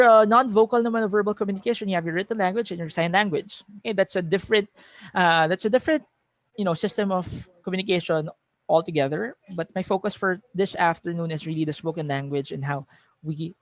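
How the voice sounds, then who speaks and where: A man's voice: fairly high pitch, a bit bright, no room sound. Filipino man lecturing, dry close sound. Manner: reads example sentences aloud with shifting emphasis, frequent self-corrections. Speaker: teacher giving a webinar. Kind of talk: conversational lecture mixing English and Tagalog.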